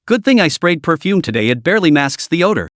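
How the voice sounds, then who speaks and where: A man's voice: on the high side, big pitch swings, fast, no room sound. A man voicing a spoiled, rude rich teenage boy in a plain storytelling read, with a dry close sound. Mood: flippant.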